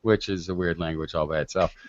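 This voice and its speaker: An American man who hosts a podcast, arguing in a lively, animated way and cutting in often. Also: sits low, brisk, background noise. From United States. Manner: animated, argumentative, interrupting. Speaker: podcast host. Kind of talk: lively debate. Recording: dull lo-fi dry sound.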